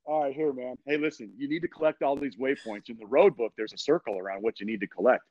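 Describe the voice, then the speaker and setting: A man's voice: mid-range voice, quick pace, dry recording, highs cut off, lightly acted. A man doing a patient rally official.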